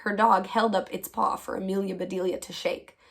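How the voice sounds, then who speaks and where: A teacher reading a children's chapter book aloud, with clear, expressive storytelling. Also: female voice, medium pitch, moderate pace.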